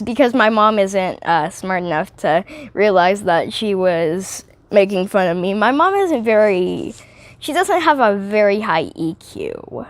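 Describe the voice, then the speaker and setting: A woman's voice: medium pitch, animated, measured pace, no echo. A teenage girl rambling and giggling through a casual movie review vlog, often drifting off topic.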